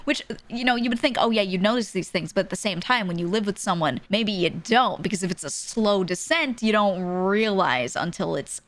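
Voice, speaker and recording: A woman's voice: mid-range voice, moderate pace, few pauses, dry recording. Chatty young woman telling a story. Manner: animated, laughs often, acts out the people she quotes. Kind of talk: casual storytelling.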